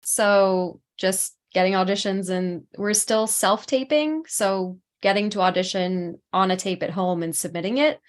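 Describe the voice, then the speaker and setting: A woman's voice: medium pitch, measured pace, few pauses. A woman who works as an actress and voice-over artist, chatting as a podcast guest with frequent ums. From Philadelphia area. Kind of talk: casual interview chat.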